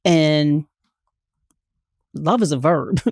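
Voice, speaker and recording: Low-voiced woman, reflective and halting. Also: darkish tone, no echo, studio quality. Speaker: guest. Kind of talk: heartfelt interview conversation. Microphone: podcast studio mic.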